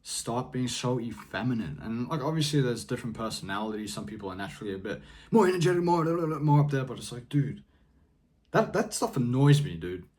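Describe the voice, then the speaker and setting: A man's voice: mid-range voice, expressive, brisk, darkish tone. A young man vlogging casual advice in a laid-back, rambling way, peppering his talk with slang. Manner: rambling, often trails off and restarts.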